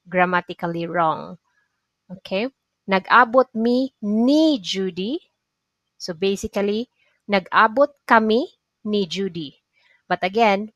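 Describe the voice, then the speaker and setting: A woman teaches vocabulary at an unhurried pace. She repeats each phrase patiently and keeps checking in with her learners. Her voice sits in a middle range and sounds dry and close. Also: mid-range voice, no room sound. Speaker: language teacher. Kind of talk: explaining vocabulary lesson.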